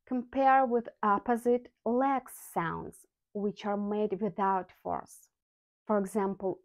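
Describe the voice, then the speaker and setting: Non-native woman, English tutor; mellow voice, deliberate enunciation, dry muffled recording. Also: mid-range voice, dry recording. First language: not English. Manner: slow, careful enunciation of example sounds. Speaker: English teacher. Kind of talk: scripted vocabulary lesson.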